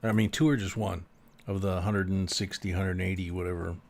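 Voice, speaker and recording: A man's voice: low voice, steady tone, a little fast, gravelly, a little mellow. A man hosting a casual live coin stream, chatting and reading viewer comments aloud.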